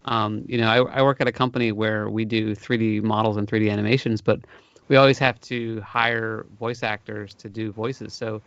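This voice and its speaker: A man co-hosting a podcast, asking questions in a relaxed, rambling way. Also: fairly low pitch, moderate pace, clear, resonant tone, no echo. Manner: relaxed, rambling, many fillers. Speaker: podcast co-host. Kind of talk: casual podcast interview. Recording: dry, muffled sound.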